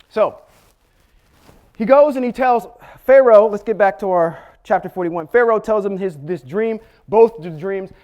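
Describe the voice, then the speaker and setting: The Bible teacher here has a high voice with a touch of mellowness. His Torah study lesson moves patiently through Hebrew letters and vowels step by step, punctuated by "okay?" check-ins and small jokes.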